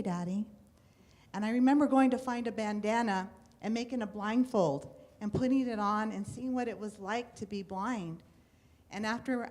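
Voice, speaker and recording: Latina woman telling her life story. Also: medium pitch. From United States. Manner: animated, acts out quoted voices. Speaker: speaker at a storytelling event. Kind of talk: personal storytelling talk. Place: in front of a live audience.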